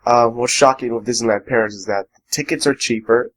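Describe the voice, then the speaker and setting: A man's voice: medium pitch, fairly quick, fairly bright tone, low-quality recording. A man co-hosting a casual podcast, giving strong opinions in a rambling way full of ums and uhs. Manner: opinionated, rambling, many fillers. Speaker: podcast co-host. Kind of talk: casual chat.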